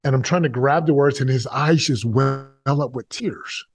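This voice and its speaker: A man's voice: medium pitch, moderate pace, breathy edge, no echo. Middle-aged male guest, confessional storyteller, repeats himself in bursts, dry close mic. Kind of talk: emotional storytelling interview.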